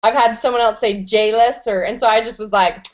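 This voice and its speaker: A woman's voice: fairly high pitch, fairly even intonation, quick pace. Woman host, enthusiastic, slangy, profane, rambling, dull lo-fi video call audio. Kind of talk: energetic online interview show.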